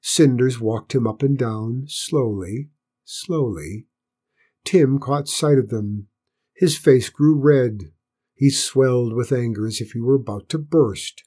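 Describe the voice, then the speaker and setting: Man, storybook narrator, slow gentle reading, husky, mellow. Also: medium pitch.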